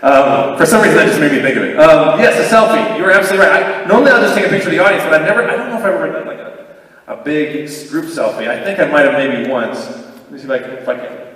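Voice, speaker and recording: A man's voice: on the high side, lively intonation, fast talker, fairly bright tone. A man talking casually and rambling at a convention Q&A panel, often laughing, recorded by an audience camera far from the stage in an echoey hall. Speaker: voice actor convention guest.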